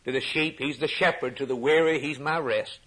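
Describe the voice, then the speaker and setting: Fairly quick and steady in tone, a male preacher moves through his sermon with rhythmic cadence. His voice rises to high, shouted peaks before falling back into quiet asides.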